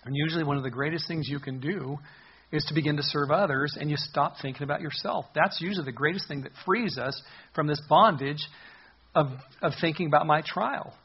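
A man's voice: on the high side, fairly quick, husky, muffled recording. A man preaching a verse-by-verse Bible sermon in an earnest, conversational way, often restarting phrases and asking rhetorical questions. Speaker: pastor.

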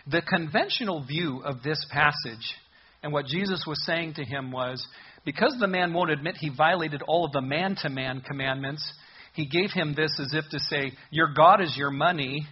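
Husky-voiced man preaching a sermon. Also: a little high, highs cut off. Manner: earnest, emphatic preaching with slowed stresses. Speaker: pastor.

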